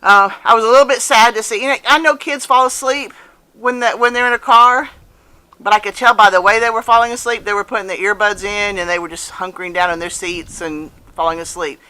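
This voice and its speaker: A woman in her fifties speaks straight to her viewers in a bright, forward voice. She tells her story casually and earnestly, and she leans on repeated phrases to drive her points home. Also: medium pitch, fairly even intonation, fairly quick. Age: 50s. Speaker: vlogger. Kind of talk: casual personal storytelling to camera.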